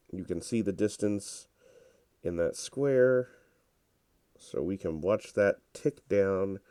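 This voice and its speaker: A man's voice: sits low, clear, resonant tone, no room sound, clean studio sound. A man with a congested voice giving casual, rambling commentary over his own gameplay. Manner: relaxed, rambling and self-deprecating.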